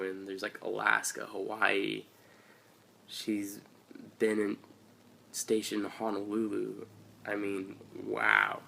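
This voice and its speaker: A man's voice: fairly low pitch, creaky, fairly bright tone, a little hiss or hum. An eighteen-year-old man from Washington State telling a story in a casual, rambling, offhand way for his video channel. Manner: rambling and offhand, with loose slangy asides. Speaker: vlogger. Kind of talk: casual first-person storytelling. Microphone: handheld camera or phone.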